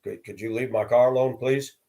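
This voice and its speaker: A middle-aged man from Denver telling personal stories in a casual monologue, acting out the quoted voices and getting loud in the tense parts. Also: medium pitch, steady tone, brisk. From from Denver area. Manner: acts out quoted voices, rising loud for confrontations.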